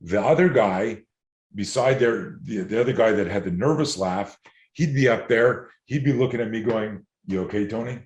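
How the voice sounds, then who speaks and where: Low-voiced man in a roomy room. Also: normal speed, muffled recording. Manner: animated, digressive storyteller. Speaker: self-defense instructor. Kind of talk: storytelling interview answers. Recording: roomy echo.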